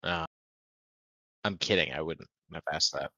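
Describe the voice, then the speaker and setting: A man's voice: a bass voice, a little slow, bright, forceful tone, no room sound. A man chatting casually as a player in a tabletop game, joking, laughing often and swearing freely.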